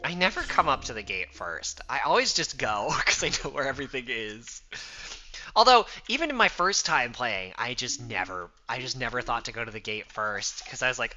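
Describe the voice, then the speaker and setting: A man's voice: mid-range voice, very animated, moderate pace, bright, forceful tone, highs cut off. A man streaming a video game, chatting casually and rambling as he thinks aloud.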